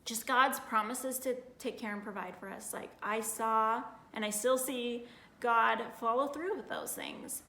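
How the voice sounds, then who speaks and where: A woman's voice: fairly high pitch, measured pace, creaky, sharp tone, echoey room, a little hiss or hum. A woman in her thirties sharing a heartfelt personal testimony in a casual, earnest way, full of "like" fillers. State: getting emotional.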